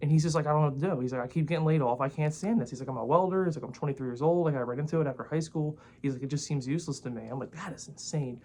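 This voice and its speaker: Man, 20s, vlogger; rapid, rambling, blunt rant full of swearing and fillers. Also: fairly high pitch, warm tone. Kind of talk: casual rant to camera.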